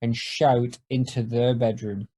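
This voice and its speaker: A man's voice: medium pitch, level tone, a little slow, warm tone, slightly rough. A man hosting a podcast, reading a script aloud and asking hesitant questions between. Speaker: podcast host.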